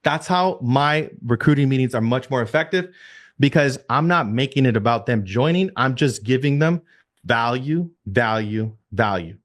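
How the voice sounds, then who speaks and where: An energetic man coaching a group over a video call, speaking into his computer mic. He drives his points home by repeating them and keeps tossing rhetorical questions at his listeners. His voice sits at an ordinary middle pitch for a man. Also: normal speed. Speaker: real estate team leader.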